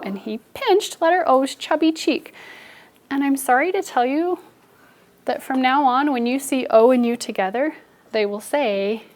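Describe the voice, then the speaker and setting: A young woman teaching an elementary phonics lesson in a classroom, telling stories and coaxing the students along in a lively, playful way. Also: on the high side, normal speed. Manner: animated storytelling, playful and expressive with students.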